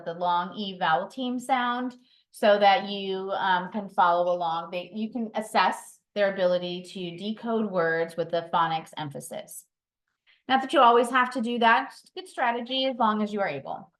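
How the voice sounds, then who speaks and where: A woman's voice: medium pitch, normal speed, a bit bright. A woman leading a training session for reading mentors, explaining routines patiently with occasional ums and self-corrections. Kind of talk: instructional training talk. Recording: roomy echo.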